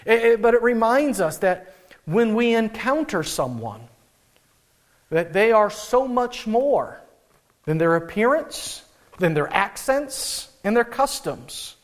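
High-voiced man preaching a sermon. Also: slow. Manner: conversational, animated preaching with frequent restarts. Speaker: pastor.

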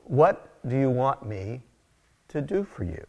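Man doing a calm gentle teacher, soft, quiet, unhurried. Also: mid-range voice, vocal fry, heavily acted. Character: calm, gentle male teacher speaking kindly.

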